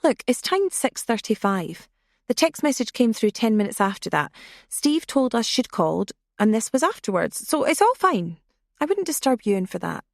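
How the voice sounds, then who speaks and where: A woman's voice: on the high side, sing-song, creaky, no room sound, studio quality. Woman voicing Mouse, a blunt wry friend. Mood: matter-of-fact. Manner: brisk and matter-of-fact.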